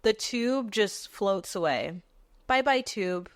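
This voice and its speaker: A woman in her twenties hosting a podcast, telling personal stories in a candid, profane, animated way. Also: medium pitch, takes it slowly. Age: 20s. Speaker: podcast host. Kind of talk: casual storytelling monologue.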